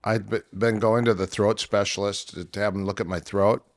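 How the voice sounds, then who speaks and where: A middle-aged man, an MMA coach, telling long stories in a casual interview, rambling with many fillers and restarts, his voice worn from years of yelling. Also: on the low side, steady tone, fairly quick, creaky. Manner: rambling anecdotes with many fillers and self-corrections.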